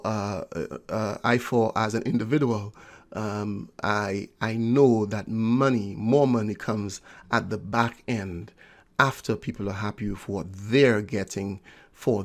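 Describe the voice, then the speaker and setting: Male online business coach, direct-to-viewer pitch, energetic, lots of "you know" and "right?".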